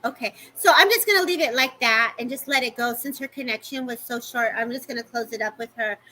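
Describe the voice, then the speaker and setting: A woman gives a psychic reading over a live stream, her voice high in pitch and bright. She talks fast and affectionately and keeps checking in with the people she reads. A faint noise sits under the stream. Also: rough recording. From California. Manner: fast, affectionate, addresses listeners as baby and babes. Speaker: medium giving readings. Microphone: live-stream microphone.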